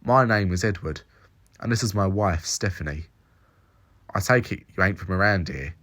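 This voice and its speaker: A man's voice: sits low, normal speed, a bit bright, no echo. A man voicing a smug young man from the future with a thick Cockney accent, casual and self-assured.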